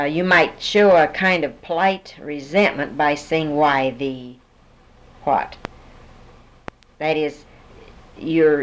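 Low-voiced woman running a patient interview. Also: low-quality recording. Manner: patient, prompting with fill-in-the-blank questions. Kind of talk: dialect survey interview.

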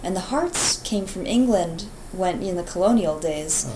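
Woman, lowish voice, attentive conversational partner; audible noise and clicks behind her. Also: animated, measured pace. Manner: attentive listener, frequent murmured agreement. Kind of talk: casual conversation. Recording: noticeable background noise with clicks.

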